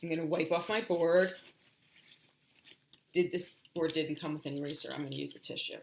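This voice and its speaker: A woman's voice: deep voice, fairly even intonation, vocal fry, roomy sound, background noise. A woman teaching English shapes on a livestream, chatty, often singing and stretching out words for children to repeat. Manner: sings and drills words slowly, chatty asides. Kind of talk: animated livestream lesson.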